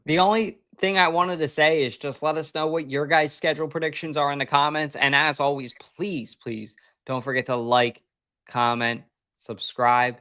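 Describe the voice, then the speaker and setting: Bright-voiced emphatic podcast co-host man. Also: a little high, little pitch movement, normal speed, smooth, no room sound, studio quality. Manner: emphatic, opinionated. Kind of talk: casual sports chat.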